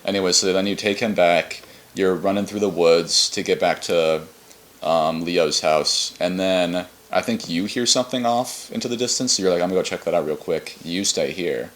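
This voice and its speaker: Young male co-host, deep voice, rambling and unsure, casual recap. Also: moderate pace. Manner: rambling, unsure, often corrects himself. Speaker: podcast co-host. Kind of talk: casual chat recapping a game.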